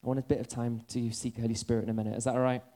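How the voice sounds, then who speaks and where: A man preaching a sermon, telling funny stories about himself and then easing into soft, earnest appeals. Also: mid-range voice, very fast. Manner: animated storytelling, drifting into soft earnest appeals.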